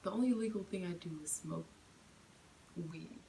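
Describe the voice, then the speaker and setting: A woman's voice: fairly low pitch, moderate pace, vocal fry, noisy background. A woman quoting, in her own voice, a man talking offhandedly on the phone in a retold story. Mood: offhand.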